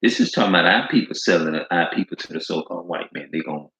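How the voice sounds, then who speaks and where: A man's voice: low voice, quick pace, a bit bright. A man preaching informally and reading scripture aloud, emphatic and repetitive, in slangy speech that leans hard on stressed words. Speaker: street preacher. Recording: echoey room, dull lo-fi sound.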